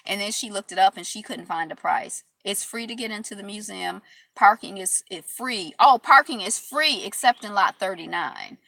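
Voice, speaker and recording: A woman hosts a casual live stream, her voice bright and forceful. She chats in a loose, rambling, upbeat way, heaping affirmations on her viewers. The sound is dry and close, with no room around it. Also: mid-range voice, moderate pace, creaky, no room sound. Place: Detroit.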